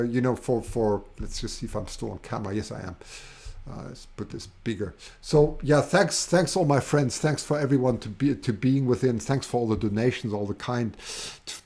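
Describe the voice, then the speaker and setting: A man with a German accent hosting a live stream, chatting enthusiastically to viewers with many halting restarts. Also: mid-range voice, darkish tone. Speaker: host of a livestream. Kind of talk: casual live-stream chat.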